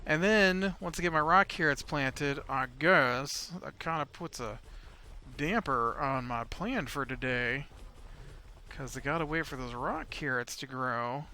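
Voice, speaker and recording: A man's voice: medium pitch, unhurried, sharp tone, a little hiss or hum. A man rambling through casual gameplay commentary as a video host, chatting to his in-game pet dinosaur.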